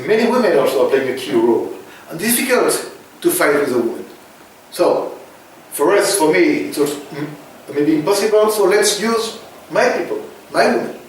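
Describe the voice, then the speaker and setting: A man from France with a French accent, answering interview questions in halting, emphatic phrases that repeat words for stress. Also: fairly high pitch, heavy reverb, distant mic, slight background noise, poor audio. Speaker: interview guest.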